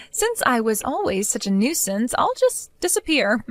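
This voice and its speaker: A sarcastic young daughter-in-law from an animated storytime cartoon, played by a woman, mocking and defiant. Her fairly high voice rises and falls with lively inflection. The recording is dry and close. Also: a little slow, no room sound. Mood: cold. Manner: sarcastic, mocking, laughs often.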